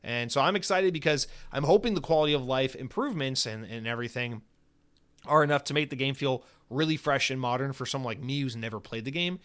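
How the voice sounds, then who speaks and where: A male podcast host talking casually on his own show. He is animated and sarcastic, drops profanity easily and fills his talk with casual fillers. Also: mid-range voice, fast talker, smooth. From United States.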